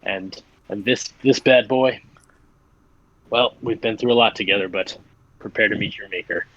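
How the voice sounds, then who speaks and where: A man voicing a calm, battle-hardened male warrior boss in a tabletop game, speaking with gruff pride. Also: lowish voice, measured pace, no echo, muffled recording. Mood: menacing.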